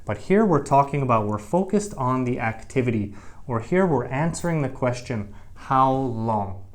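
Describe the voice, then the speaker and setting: A man's voice: medium pitch, lively intonation, normal speed. A middle-aged man teaching English grammar to camera, explaining patiently and repeating key phrases.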